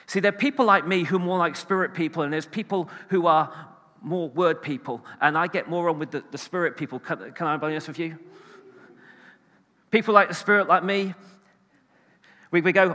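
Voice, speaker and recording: A man preaching a sermon, animated and emphatic, swinging between loud bursts and hushed asides. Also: on the high side, brisk, big-room sound.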